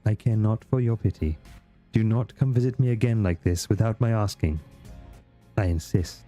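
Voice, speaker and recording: A man's voice: on the low side, moderate pace, warm tone, faint music behind, natural voice. A man voicing a weary, proud woman seer in a game, speaking in a formal, archaic, dismissive way.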